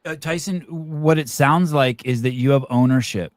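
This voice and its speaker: A man with a mid-pitched voice hosts a casual podcast, circling around his questions with lots of fillers. The recording is close and dry. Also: normal speed, no echo. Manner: conversational, rambling questions with fillers. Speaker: podcast host. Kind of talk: casual interview talk.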